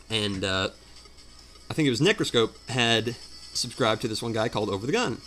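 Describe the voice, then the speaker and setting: A man's voice: on the low side, quick pace, a bit bright, soft background music. A man chatting at home during a game playthrough, rambling and self-deprecating with many fillers. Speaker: let's play commentator. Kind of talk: rambling casual chat. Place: home room.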